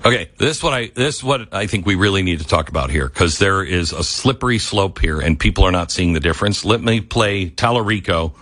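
A middle-aged man hosting a radio talk show, quoting scripture and building into fiery, near-shouted outbursts. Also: low voice, expressive, a little fast, hardly any pauses, a little hiss or hum. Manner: fiery, rising to near-shouting, then apologetic. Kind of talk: impassioned radio monologue with live ad reads. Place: radio studio. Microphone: close studio microphone.

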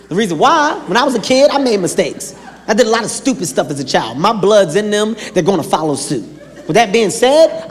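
A man performing a stand-up comedy set, telling animated stories and acting out characters with sudden shouts, in a large live venue. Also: high-pitched. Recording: echoey live hall with crowd noise. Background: audience laughter.

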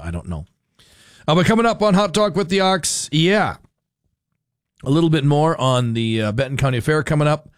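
A man's voice: medium pitch, no room sound. Male radio host, opinionated and sarcastic, dry studio read. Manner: opinionated, sarcastic, many fillers. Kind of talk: casual political talk radio. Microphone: studio microphone.

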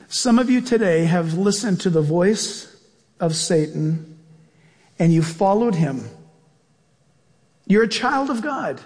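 Brief: earnest male pastor, high voice, slow deliberate preaching, long hall echo. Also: animated, darkish tone. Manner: earnest, drawn-out preaching with prayer. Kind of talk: sermon.

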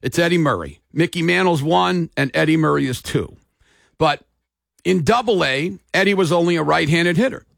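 A middle-aged man hosting sports radio with a fairly high voice and a gravelly edge. He tells stories in a folksy, emphatic way, and the sound is close and dry. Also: normal speed, fairly bright tone, no room sound. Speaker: radio show host.

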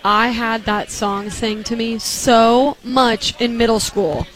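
A young woman chatting casually on a radio show, telling stories in an animated way. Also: a little high, slow, rough recording. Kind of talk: casual on-air chat.

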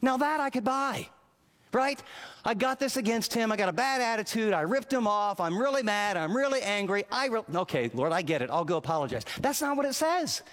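Male preacher, high voice, long hall reverb, animated, acts out voices. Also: brisk. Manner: animated, acts out inner voices, shifts between high emphatic and low earnest. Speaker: pastor. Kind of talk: radio sermon.

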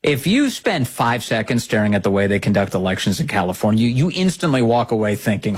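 Husky sarcastic male talk host. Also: very animated, fairly quick, few pauses. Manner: sarcastic, mocking, swings pitch widely for emphasis. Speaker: political talk show host. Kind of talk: opinionated political commentary.

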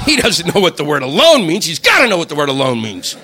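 A male stand-up comedian doing a profane, exasperated routine, sometimes breaking into shouted voices. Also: a little high, wildly swooping pitch, quick pace, noisy background.

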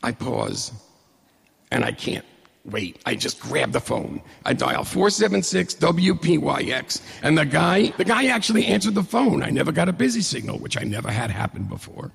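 A middle-aged man telling a personal story to an audience in a conversational, humorous, animated way. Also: a little high, moderate pace, vocal fry, husky. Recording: long hall reverb.

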